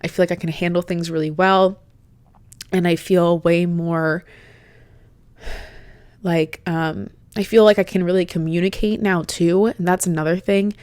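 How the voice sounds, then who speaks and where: Chatting alone on her podcast, a young woman with a slightly low voice sounds relaxed, open and heartfelt. She talks a little slowly, with long pauses, in a clear, resonant tone. The audio is close and dry, without echo or any sense of a room.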